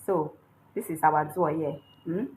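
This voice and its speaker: Slow, patient woman teaching a language. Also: low-pitched, fairly even intonation, a little mellow, slight background noise, poor audio. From Nigeria. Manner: patient, checks in with frequent "hmm?". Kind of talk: online lesson, explaining while writing characters.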